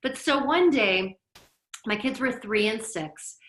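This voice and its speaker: Middle-aged woman from Lebanon, therapist and yoga teacher, bright voice, gently guiding talk, roomy echo. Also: on the high side, animated, takes it slowly. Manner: conversational, reflective, gently guiding. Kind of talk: teaching talk with personal stories.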